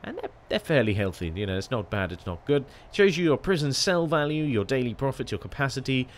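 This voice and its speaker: A man's voice: medium pitch, sing-song, a little fast. Chatty man commentating a game. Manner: chatty and self-deprecating, often exclaiming. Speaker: gaming channel host.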